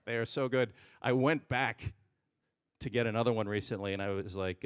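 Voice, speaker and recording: A man doing a stand-up comedy set on a stage microphone, jumping between loud punchlines and muttered asides. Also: fairly low pitch, moderate pace, clear, resonant tone, no echo, studio quality.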